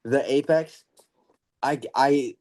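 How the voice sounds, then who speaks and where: A man's voice: mid-range voice, steady tone, takes it slowly, darkish tone. An eighteen-year-old man hosting a podcast, chatting eagerly like a fan. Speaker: podcast host. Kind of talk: casual interview chat.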